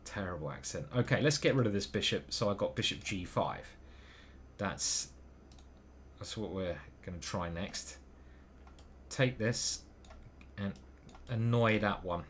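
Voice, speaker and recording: This grandmaster commentating his own online chess has a fairly low, fairly bright voice with lively intonation and a slightly slow delivery. Muttering each move, he questions himself hesitantly, and a faint hiss or hum sits under the audio.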